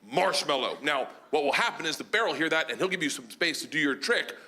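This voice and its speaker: A man's voice: on the high side, lively intonation, brisk, pushed and bright. A man voicing a blunt, no-nonsense male animal trainer giving matter-of-fact instructions. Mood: instructive.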